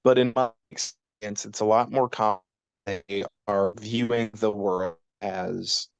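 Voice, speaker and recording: A man with a fairly low voice, explaining occult ideas at a measured pace, like he's giving a small lecture. The sound is dry and close, with no room around it. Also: clean tone, no room sound, lo-fi sound. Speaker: podcast co-host, chaos magic practitioner. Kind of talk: casual podcast chat.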